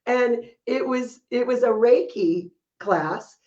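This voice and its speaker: A woman co-hosts a podcast, telling stories in casual chat and laughing often as she goes. Her voice is on the high side and slow, with a darkish tone, and the highs in the recording are cut off.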